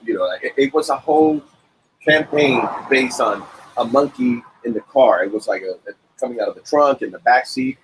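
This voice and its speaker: A middle-aged man sits in a cafe and tells tour stories in a loose, conversational way. His voice is mid-pitched, and he slips into little voices to act out the people he quotes. Faint room noise sits behind him. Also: rough recording. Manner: animated anecdotes with acted-out quotes. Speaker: musician guest. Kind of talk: casual storytelling interview.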